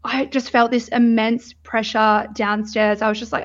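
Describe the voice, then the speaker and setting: A woman's voice: a little high, flat delivery, normal speed. A young adult woman, candidly telling her birth story in casual chat, laughing often and swearing freely. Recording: dull lo-fi sound.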